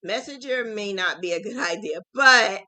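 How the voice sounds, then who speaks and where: A woman chatting to her viewers about crochet, chatty and excitable, often saying "like" and "oh my God". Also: medium pitch, moderate pace, no echo, rough recording. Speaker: crochet vlogger. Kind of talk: casual chat to viewers.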